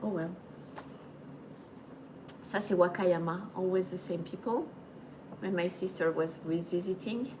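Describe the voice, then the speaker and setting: Unhurried French-accented woman, chatty host. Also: on the low side, background noise. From France. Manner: chatty, drops in French and Japanese words. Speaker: channel host. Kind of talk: casual livestream chat.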